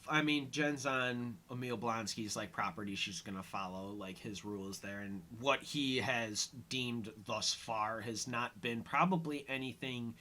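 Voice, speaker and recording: A man with a bright, forceful voice talks through an episode recap in a loose, casual way. He rambles, leans on "um" and "like", and acts out bits of dialogue as he goes. His pitch sits in an ordinary middle range. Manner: rambling, many fillers, retells scenes in quoted lines. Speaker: podcast host.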